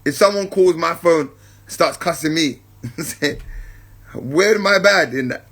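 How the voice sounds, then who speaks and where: On his spiritual podcast, the male host sounds a bit bright and on the high side, with a breathy edge. Taking his time, he keeps checking in with his audience, addressing them as family, and goes back over points to stress them.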